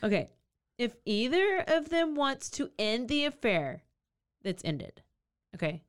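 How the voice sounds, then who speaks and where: A woman's voice: on the high side, a little slow. A woman co-hosting a podcast, telling a true crime story in casual chat and acting out the people's lines. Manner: animated storytelling, acts out characters' lines.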